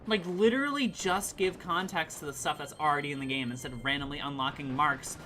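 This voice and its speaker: A woman streaming a game, chatting casually and excitedly with her chat and swearing now and then. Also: low voice, fairly quick, slight background noise. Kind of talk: casual live-stream chat while gaming.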